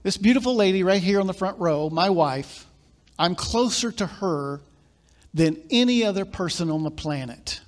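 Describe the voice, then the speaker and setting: A male pastor with a notably high-pitched voice, preaching live in church. He tells stories in a low, confiding way, then lifts into loud, emphatic preaching. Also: expressive, moderate pace. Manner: storytelling, swinging from quiet asides to loud emphatic preaching. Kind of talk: sermon.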